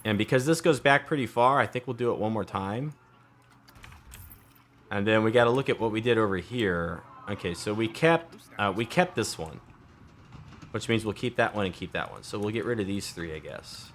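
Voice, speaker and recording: A man's voice: on the low side, normal speed, fairly bright tone, a little hiss or hum. A man in his thirties thinking aloud as he builds in a game, casual and chatty. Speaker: let's play host. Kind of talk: casual gameplay commentary.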